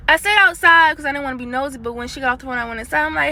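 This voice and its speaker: Chatty bright-voiced woman telling a storytime. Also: high-pitched, fast talker, gravelly, few pauses, slight background noise. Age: late 20s. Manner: chatty, animated, addresses viewers as y'all. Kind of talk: casual spoken storytime. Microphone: handheld phone.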